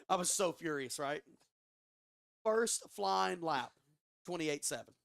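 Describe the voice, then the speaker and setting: A man guest on a podcast telling a story in a casual, animated way, swearing often and restarting his sentences. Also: on the high side, takes it slowly, gravelly, long pauses, no echo. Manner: animated, profane, frequent restarts. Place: studio.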